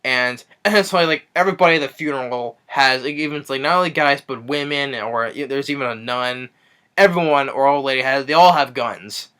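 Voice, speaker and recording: A man's voice: mid-range voice, a little fast, bright, forceful tone, clear, resonant tone. A man giving a casual spoken movie review, retelling scenes eagerly with many fillers and restarts.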